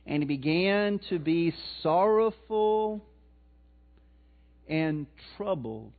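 A man preaching a sermon in a notably high voice, chatting with the congregation and throwing questions out to them. The sound is thin and tinny, like it is coming through a phone line. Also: expressive, slow. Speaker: pastor.

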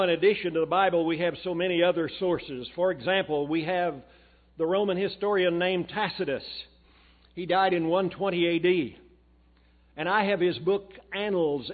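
Man preacher, sermon, folksy storyteller, slightly high voice, thin phone-like sound. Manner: folksy storytelling, reads quotations aloud. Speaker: guest preacher. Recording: tinny phone-like recording.

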